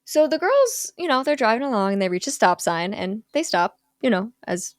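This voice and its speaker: Young woman, casual chat, animated storyteller, dry close sound. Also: on the high side, normal speed, no room sound. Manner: animated storyteller, acts out film characters in quotes. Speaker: podcast host recapping a film.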